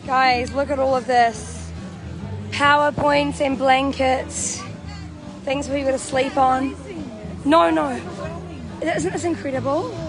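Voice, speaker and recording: A young woman with a New Zealand accent talks brightly to her phone as she walks through an outdoor camp, laughing often. Her voice sits a bit high. Loud music plays clearly behind her. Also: fairly even intonation, takes it slowly, pauses often. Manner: bubbly, chatty, laughs often. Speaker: vlogger. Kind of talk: walking livestream vlog. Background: music playing nearby.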